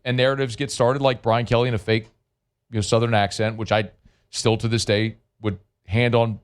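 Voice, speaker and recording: Fillers-heavy radio host, low voice. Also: male voice. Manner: conversational, frequent fillers and restarts. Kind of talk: sports talk radio monologue.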